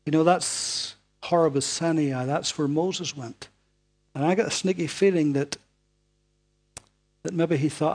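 A man delivers a sermon in a husky, slightly high voice. He leans hard on his key lines, then drops to a hushed near-whisper to draw the listener in. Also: steady tone, unhurried, long pauses. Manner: dramatic, swinging from loud emphasis to hushed near-whispers. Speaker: preacher.

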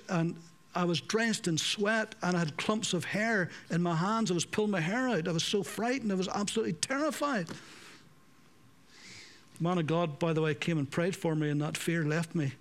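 A man preaching a sermon, swinging between raised emphasis and hushed, slowed passages. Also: sits high.

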